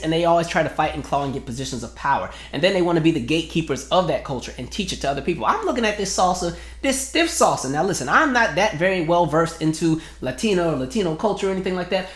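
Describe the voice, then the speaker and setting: A man hosting a casual commentary video, talking in a sarcastic, incredulous way. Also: a little high. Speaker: host. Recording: roomy echo.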